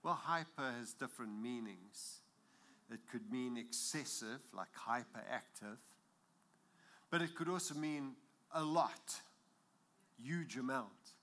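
A man's voice: medium pitch, slow, sharp tone. A man preaching a sermon as pastor, with an accent, emphatic and building in intensity, chuckling at his own jokes.

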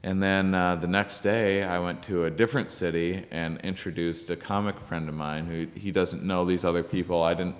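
A comedian being interviewed, telling a story in a halting, searching way with many ums and restarts. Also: male voice, low voice, fairly even intonation. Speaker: podcast guest, comedian. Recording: long reverb from the room.

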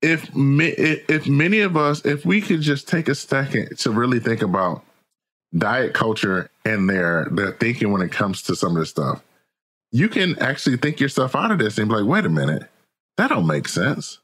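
An American man, a podcast guest and author, telling stories in a casual, slangy, animated way and laughing often. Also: mid-range voice, normal speed. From United States. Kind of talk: casual interview chat.

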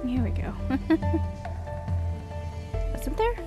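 A woman's voice: high-pitched, sing-song, drawn-out words, over music. A young woman giggling and chatting as she plays through a cozy adventure game. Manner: giggly, chatty, easily moved. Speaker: gamer. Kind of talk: let's play commentary.

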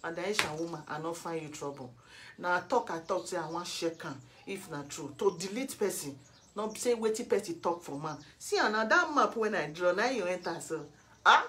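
A woman's voice: on the low side, expressive, a little fast, a bit bright, slight background noise. A middle-aged Nigerian woman from Edo State speaking Nigerian Pidgin English, scolding a rival in a lecturing vlog monologue full of rhetorical questions. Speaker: vlogger.

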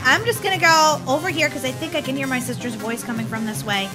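A woman playing through a game roleplay as the slower little sister, whining and complaining. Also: high voice. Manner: whiny, self-pitying complaining. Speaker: gaming roleplay channel voice of the younger sister. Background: game music.

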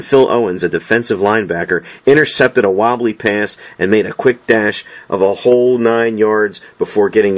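A man reading a novel aloud as an audiobook, in a lower-than-average voice. His delivery is expressive and dramatic, pressing forward through the action. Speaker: audiobook narrator.

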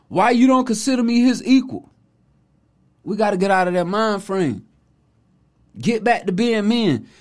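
A man hosting a podcast, delivering an opinionated commentary monologue in casual slang, mocking and preachy. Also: sits high. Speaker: podcast host.

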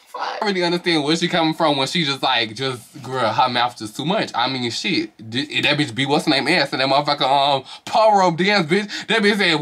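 Fast-talking, bright-voiced man gossiping. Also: slight background noise. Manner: profane, animated gossip with frequent swearing; slips into high, put-on falsetto for quoted reactions. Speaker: reality show reviewer. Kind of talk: casual vlog commentary.

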